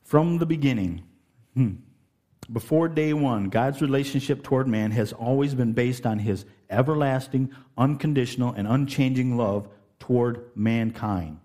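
A middle-aged man preaching a sermon in a folksy, animated storytelling way, laughing and putting on voices. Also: mid-range voice, normal speed. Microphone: handheld mic.

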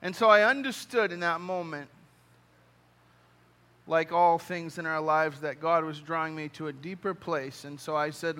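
Pastor guy preaching, high voice, kinda sharp and bright, earnest, repeats himself and restarts lines a lot. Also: steady tone, normal speed. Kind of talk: sermon with closing prayer.

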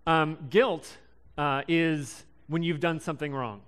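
A young man in his twenties giving a casual sermon, halting and full of ums and restarts. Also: on the high side, fairly bright tone, clear, resonant tone. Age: young adult. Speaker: preacher.

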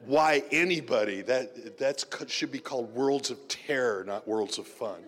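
A man preaching a sermon in a conversational way, moving from loud emphatic questions to soft murmurs. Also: medium pitch, measured pace, long reverb tail. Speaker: pastor.

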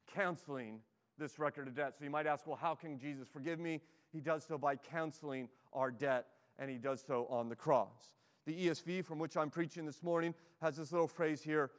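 A man's voice: a little high, long reverb tail. A man preaching a sermon as pastor, earnest and emphatic, pleading with his listeners and reading scripture aloud.

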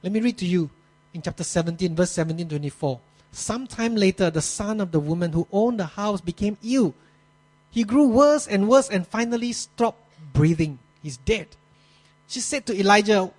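A man with a high voice preaches a sermon and tells the story slowly, stopping for effect. His grammar slips here and there. A faint mains hum sits under the recording. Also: animated, darkish tone, poor audio. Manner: storytelling with dramatic pauses, non-native grammar slips.

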